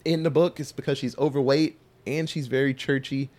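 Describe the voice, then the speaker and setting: A man's voice: medium pitch, steady tone, brisk, a little mellow. A man hosting a podcast, retelling a story in a folksy, rambling way with loose asides. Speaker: podcast host recapping a film. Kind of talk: casual chat.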